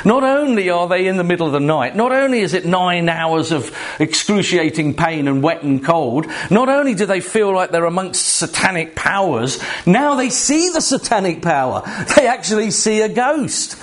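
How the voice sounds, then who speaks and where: A man preaching a sermon to a congregation, emphatic and animated, with rhetorical questions and asides to the room. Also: high-pitched, normal speed. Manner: jokes directly with the congregation.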